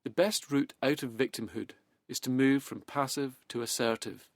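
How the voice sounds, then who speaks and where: A man in calm, measured self-help talk that leads into hypnosis, slowing and softening as he goes. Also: medium pitch, no room sound.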